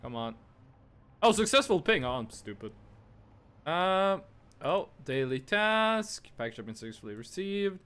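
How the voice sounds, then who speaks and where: A man's voice: high voice, very animated, unhurried, pauses often, fairly bright tone, clean tone. A young man streaming a game, chatting playfully with his chat and teasing them while he plays.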